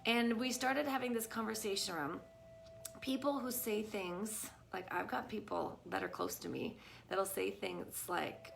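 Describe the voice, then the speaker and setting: A middle-aged woman talks straight to her live viewers from home, casual and chatty, leaning on fillers and checking in with "right?" Her voice has a gravelly edge at the ends of phrases, and a faint hiss sits under the live stream. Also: mid-range voice, expressive, moderate pace. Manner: chatty, many fillers like "you guys" and "right?". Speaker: vlogger. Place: home with a dog nearby. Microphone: phone or camera on a live stream.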